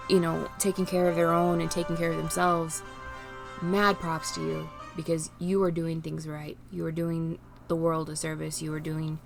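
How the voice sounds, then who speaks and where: A woman vlogging unscripted while grieving, near tears, pleading and halting with restarts. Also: low-pitched, creaky. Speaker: streamer and vlogger. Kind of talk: unscripted emotional vlog.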